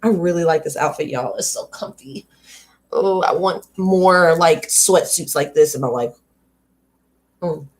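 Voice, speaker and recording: A woman hosting a live read-aloud stream, reading a book and talking candidly with viewers in a casual, chatty way. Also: sits low. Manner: candid and conversational, drifting into riffs and asides to viewers.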